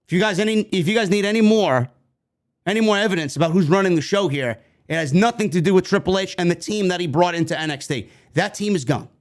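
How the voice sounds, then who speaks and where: A man's voice: high-pitched, fast. A man hosting a wrestling news show, giving emphatic, sarcastic commentary and reading interview quotes aloud.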